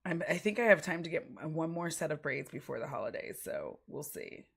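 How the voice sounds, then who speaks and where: A woman's voice: low voice, animated, brisk, vocal fry, a bit bright, slightly rough. A woman streamer in casual livestream chat, rambling and giggly, with lots of fillers.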